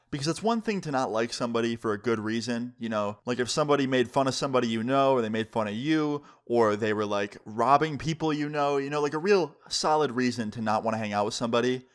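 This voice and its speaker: A young man in his twenties tells a storytime on his vlog, loose and casual, full of "like" and the odd swear word. His voice sits at an average pitch with an easy, conversational flow. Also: animated, fast talker. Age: 20s. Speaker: vlogger.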